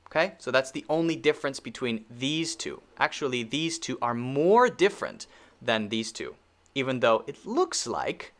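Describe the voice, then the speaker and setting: A man with an American accent teaching a pronunciation lesson, patiently repeating model words with clear emphasis. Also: fairly high pitch, fairly bright tone.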